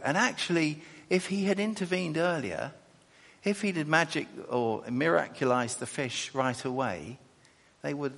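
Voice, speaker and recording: A man preaching a sermon and reading scripture, animated and chatty, with quick asides and self-corrections. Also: mid-range voice, creaky, husky. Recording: echoey hall.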